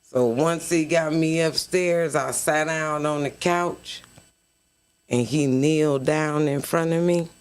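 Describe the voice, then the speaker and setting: A woman telling a personal story on a podcast in a casual, animated way, acting out the dialogue as she goes. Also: low voice, slow pace, clear, resonant tone. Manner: animated, acts out dialogue in quoted voices.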